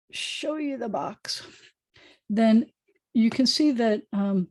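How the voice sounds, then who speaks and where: An American woman leads a beginners' language class over a video call, her voice mellow and relaxed. She explains patiently, drifting into friendly asides as she goes. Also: medium pitch. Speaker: rabbi teaching Hebrew. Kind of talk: online class lesson.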